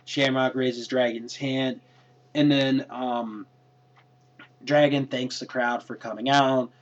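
A man's voice: mid-range voice, steady tone, takes it slowly. Man recapping in a muffled lo-fi recording. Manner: hesitant, with many fillers and restarts. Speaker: wrestling show reviewer. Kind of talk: casual recap monologue. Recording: lo-fi dull recording.

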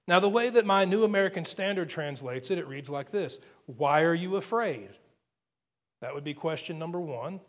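A middle-aged man preaches with earnest conviction, his voice sitting a little high for a man. He often doubles back on a word before pressing his point forward. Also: a bit bright. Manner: earnest, repeats words while building points. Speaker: pastor. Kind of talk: sermon.

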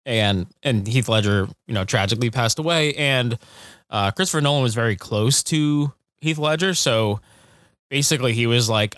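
A laid-back man on a podcast explaining things in long, wandering sentences full of fillers. His voice sits close and dry on the mic. The delivery is easygoing, unhurried casual chat. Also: medium pitch, a bit bright, dry recording. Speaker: podcast co-host.

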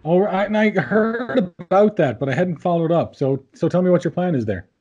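A man interviewing a bodybuilder in casual chat, halting and repeating words with frequent "you know what". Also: sits high, expressive, a little mellow, husky, lo-fi sound.

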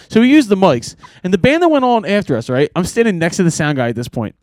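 A man on a podcast casually telling band road stories, animated and swearing, laughing often. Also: sits high, quick pace, hardly any pauses, no room sound. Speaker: podcast co-host and band member. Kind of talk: casual storytelling chat.

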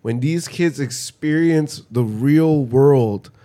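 A man's voice: on the high side, slow pace. A man co-hosting a podcast, ranting in casual chat with heavy swearing. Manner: profane, ranting, bursts into mock yelling. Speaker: podcast co-host.

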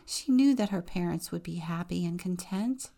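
A woman deacon reading a children's picture book aloud in a measured, expressive way. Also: lowish voice, gravelly.

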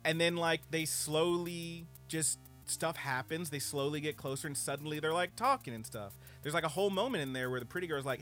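Animated, profane man reviewing anime. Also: on the high side, brisk, few pauses, faint music behind. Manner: animated, profane, filler-heavy. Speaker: podcast co-host. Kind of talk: casual anime review chat.

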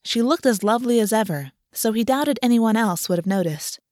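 A woman narrating a fantasy audiobook in a calm, even storytelling manner. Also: a little high, brisk, dry recording, clean studio sound.

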